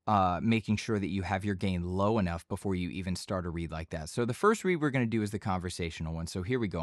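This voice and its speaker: Man, lowish voice, voice-over teacher, chatty and loose, dead-dry home booth. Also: no room sound. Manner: relaxed, talkative, repeats himself with fillers. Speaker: voice-over instructor. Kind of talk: casual tutorial explanation. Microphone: studio microphone.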